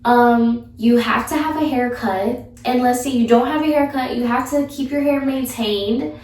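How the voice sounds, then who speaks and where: A woman's voice: on the high side, normal speed, darkish tone. A young woman vlogger giving blunt, sassy advice in a casual, chatty way. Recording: echoey room, mic far off.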